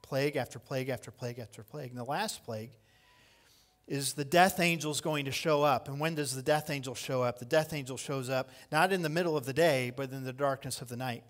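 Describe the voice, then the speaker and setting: Delivering a sermon fairly quickly in a mid-range voice, this pastor moves between loud, impassioned cries and hushed lines. He repeats key phrases to emphasize them.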